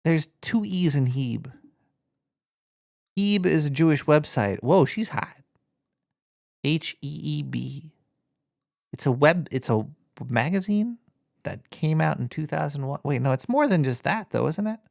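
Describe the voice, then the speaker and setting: A man's voice: a little high, expressive, a little slow, gravelly, pauses often, darkish tone, no echo, clean studio sound. A man hosting a call-in radio show, giggly and scattered, joking and flirting with callers. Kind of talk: casual call-in radio banter.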